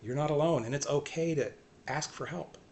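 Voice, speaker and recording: Earnest soft-spoken man sharing faith. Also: on the high side, normal speed. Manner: earnest, self-encouraging, repeats short phrases. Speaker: faith vlogger. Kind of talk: personal faith talk to camera.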